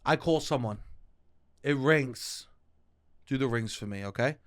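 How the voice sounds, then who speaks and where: A man co-hosting a comedy podcast, animated and playful, acting out bits with sound effects. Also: mid-range voice, a little slow. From Staten Island. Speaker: podcast co-host. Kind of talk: casual comedic chat.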